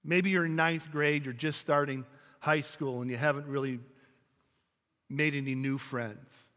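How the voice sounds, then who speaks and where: Male pastor, slightly high, bright voice, preaching to a congregation in a church hall with long reverb. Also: steady tone, a little slow. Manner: storytelling preacher, speaking to a congregation. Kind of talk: sermon. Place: church sanctuary.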